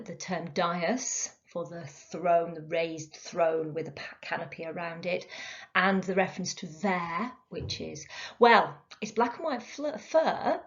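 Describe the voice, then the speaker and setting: A woman teaching a recorded literature lesson, explaining step by step with frequent ums and uhs. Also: on the low side. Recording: dull lo-fi recording.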